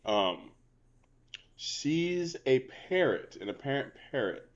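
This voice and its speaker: A man's voice: mid-range voice, very animated, slow, highs cut off. A man co-hosting a comedy podcast over a video call, telling a story in a laid-back, profane way full of slang. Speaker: podcast co-host. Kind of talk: casual comedic chat.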